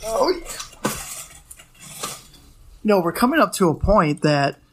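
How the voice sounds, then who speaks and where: Rambling, playful man with a higher voice. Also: big pitch swings, takes it slowly, a bit bright, a little hiss or hum. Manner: rambling, playful, self-correcting. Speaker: podcast co-host. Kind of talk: casual chat about trading cards.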